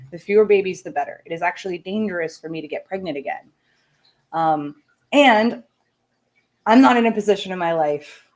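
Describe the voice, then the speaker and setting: A woman's voice: on the low side, darkish tone. A woman from Canada talks casually to her livestream viewers. She is candid and blunt, ranting and speaking her mind. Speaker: streamer.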